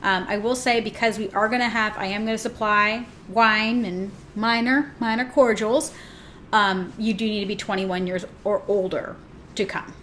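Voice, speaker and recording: A woman's voice: medium pitch, steady tone, moderate pace, a bit bright, slight background noise. A woman hosting a podcast for pet groomers, talking in a chatty, upbeat, informal way. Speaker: podcast host and pet-grooming business coach. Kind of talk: casual monologue.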